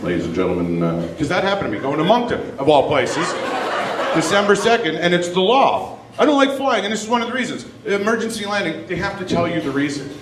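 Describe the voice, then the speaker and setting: Stand-up comic working the crowd. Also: male voice, high voice, fast talker, far from the mic. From Canada. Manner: animated, swings into loud put-on voices and rants. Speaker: stand-up comedian. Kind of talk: live stand-up with crowd work. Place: comedy club stage. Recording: roomy live club recording from off-mic, audible noise.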